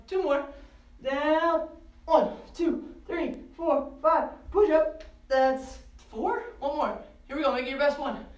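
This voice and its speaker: A young woman with a New Jersey accent leading a home workout for kids, counting reps and cheering them on. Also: sits high. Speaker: kids' fitness coach. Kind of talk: live at-home kids' workout. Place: home living room. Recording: echoey room, distant mic.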